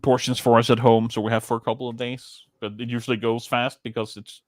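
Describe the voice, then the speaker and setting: A man's voice: medium pitch, level tone, brisk, a little mellow, dry recording. A man with a Danish accent, a podcast co-host chatting casually in a rambling, chatty way with casual swearing. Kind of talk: casual chat.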